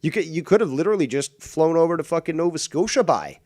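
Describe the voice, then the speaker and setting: Brief: male streamer, mid-pitched, combative and sneering, very dry close-miked sound. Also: animated, fast, darkish tone, dry recording. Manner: mocking, combative, swears a lot. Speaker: streamer reacting to clips. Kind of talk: profane ranting commentary.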